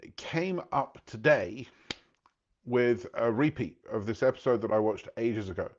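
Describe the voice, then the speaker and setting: A man's voice: mid-range voice, expressive, unhurried, darkish tone, muffled recording. A man talking casually to his viewers, telling a story with many asides and asking if they follow. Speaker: host. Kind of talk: casual talk to camera.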